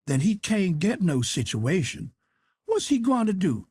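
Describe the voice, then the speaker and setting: A man's voice: sits high, big pitch swings, measured pace, darkish tone, husky, no room sound, studio quality, voice pushed up, exaggerated voice. Man voicing a stubborn folksy grown man. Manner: dialect-heavy, insistent arguing.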